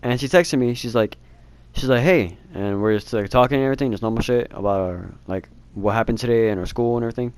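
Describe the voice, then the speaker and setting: A man's voice: mid-range voice, quick pace, a little mellow, clear, resonant tone, no echo. A teenage boy telling a rambling storytime, laughing and swearing casually. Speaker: vlogger.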